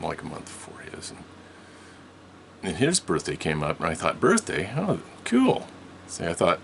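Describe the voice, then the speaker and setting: A man's voice: a bass voice, vocal fry, a bit bright, slight background noise. An older man telling a long story from his childhood in a rambling way, with many restarts and frequent laughs. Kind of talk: casual storytelling.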